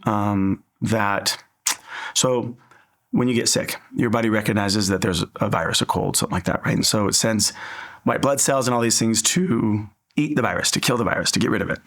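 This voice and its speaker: A man's voice: on the low side, normal speed, a bit bright. A man from Southern California, an interview guest, giving an earnest, reflective personal faith testimony.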